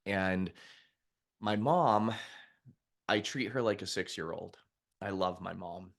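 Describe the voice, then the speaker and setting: A man's voice: sits low, slow pace, creaky. A middle-aged man, a mindset coach, talking candidly and conversationally in a live stream, with frequent restarts. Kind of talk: live-streamed casual talk.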